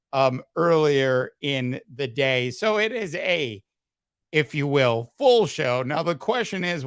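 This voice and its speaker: A man hosting a casual sports podcast, halting with many fillers and throat-clearing, his voice slightly hoarse. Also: on the high side, fairly bright tone, no echo, studio quality. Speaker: podcast host. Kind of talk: casual sports talk livestream.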